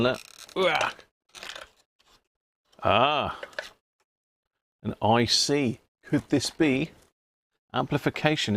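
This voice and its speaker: A man's voice: medium pitch, creaky, slight background noise. A man hosting a casual live stream, chatting with viewers and reading labels aloud with little chuckles. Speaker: livestream host.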